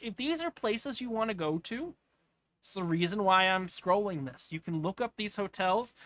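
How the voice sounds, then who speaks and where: A man's voice: sits high, sharp tone, no echo. A man giving casual, off-the-cuff commentary as he clicks through travel listings, rambling with asides. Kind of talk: casual screen-share commentary.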